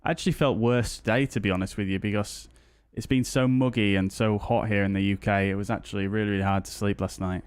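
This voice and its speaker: A man's voice: on the low side, fairly even intonation, quick pace, few pauses, clear, resonant tone, no room sound. Chatty British man greeting stream viewers. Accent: British English. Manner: chatty, greets viewers one by one, many fillers. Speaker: flight sim streamer. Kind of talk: casual live-stream chat.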